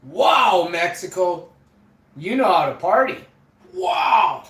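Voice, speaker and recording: A man streaming live, rambling and joking, drawing words out and breaking into sudden high yelps. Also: expressive, unhurried. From Canada. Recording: roomy echo.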